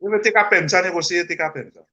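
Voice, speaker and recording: A man's voice: sits high, racing, bright, forceful tone. A man, co-hosting a casual chat, teasing and relaying listener questions. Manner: teasing, laughs a lot, passes on listener questions.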